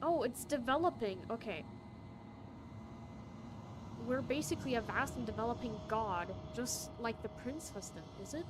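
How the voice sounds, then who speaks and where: A woman's voice: a little high, expressive, normal speed, pauses often, background noise. A young woman streaming a game, emotional and reading the on-screen text aloud. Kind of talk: casual let's-play commentary. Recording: game music behind.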